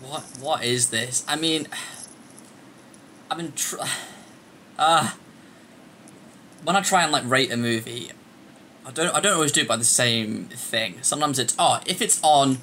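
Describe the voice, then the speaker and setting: A man with a bright, sharp-edged voice co-hosts a casual movie podcast. He speaks quietly and hesitantly, thinking aloud as he goes. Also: mid-range voice, a little slow, pauses often, a little hiss or hum. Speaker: podcast co-host.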